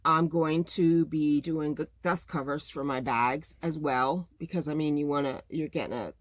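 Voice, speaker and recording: A woman's voice: deep voice, moderate pace, no room sound. Middle-aged woman, casual vlog chat, exasperated venting, dry recording. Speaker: small-business vlogger.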